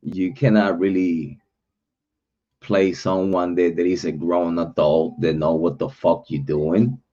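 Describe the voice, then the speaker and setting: On a livestream, a male host rants bluntly, cursing heavily as he calls people out. His voice is low and warm, slow, with little pitch movement. The stream audio is dull and lo-fi.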